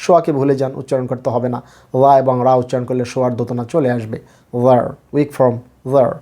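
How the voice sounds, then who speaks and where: Male English tutor, brisk pace, repeats each word for the learner. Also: mid-range voice, little pitch movement, warm tone. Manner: switches between Bangla and English, repeats words slowly. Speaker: English teacher. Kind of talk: pronunciation lesson.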